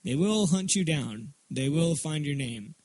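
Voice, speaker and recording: A man's voice: fairly high pitch, lively intonation, measured pace, darkish tone. Joking young man hosting a podcast. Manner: joking, crude, talks over his co-host. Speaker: podcast co-host. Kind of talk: casual comedic chat.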